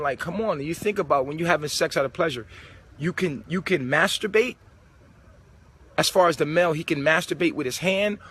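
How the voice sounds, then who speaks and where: A man's voice: on the high side, fairly bright tone, breathy edge. A man giving a casual spiritual monologue, preachy and full of street slang. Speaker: spiritual vlogger. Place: old supermarket converted to a club.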